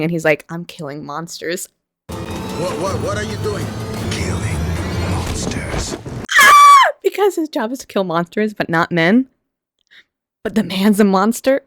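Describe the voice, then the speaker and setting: A young woman with a low voice, talking casually to camera in an animated, rambling way, stopping and restarting her thoughts. The sound is close and dry, with no room echo. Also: clear, resonant tone. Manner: rambling, animated, many restarts and asides, quick laughs. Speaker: video essayist.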